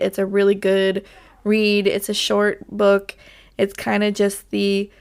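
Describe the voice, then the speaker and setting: A woman hosts her podcast in a loose, rambling solo chat. Her voice is scratchy from allergies, and her talk is full of fillers and side turns. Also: mid-range voice. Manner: rambling, chatty, with many fillers. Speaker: podcast host.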